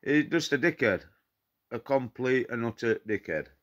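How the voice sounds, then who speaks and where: An angry man with a Nottinghamshire English accent rants straight at the camera. He sounds blunt and defiant and keeps hammering the same points. His voice sits at an ordinary middle pitch. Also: animated, normal speed, a bit bright, lo-fi sound. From England. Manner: indignant, repetitive, blunt and defiant. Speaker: paranormal vlogger. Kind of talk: angry direct-to-camera rant.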